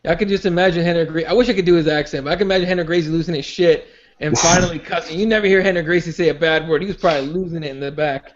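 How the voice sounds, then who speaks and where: High-voiced rambling podcast host, lo-fi. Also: male voice, fairly even intonation, rapid-fire. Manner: rambling, many restarts and fillers. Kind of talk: casual chat. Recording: dull lo-fi sound.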